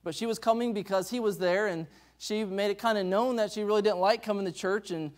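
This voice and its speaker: A man's voice: high voice, a little fast. A man, a missionary pastor, telling stories in a conference sermon, acting out the dialogue with many restarts. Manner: animated storytelling, acts out dialogue, many restarts. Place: church sanctuary.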